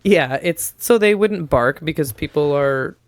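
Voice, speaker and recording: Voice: medium pitch, lively intonation, a little slow, no echo. A podcast co-host in casual chat, telling wandering stories with frequent giggles and dry humor.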